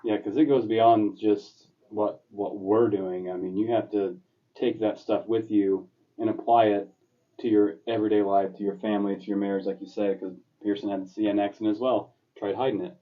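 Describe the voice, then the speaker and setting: Flat-voiced man, earnest and distant. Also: fairly low pitch, moderate pace, highs cut off. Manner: earnest, reflective, speaks in run-on thoughts. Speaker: podcast co-host. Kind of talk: casual chat.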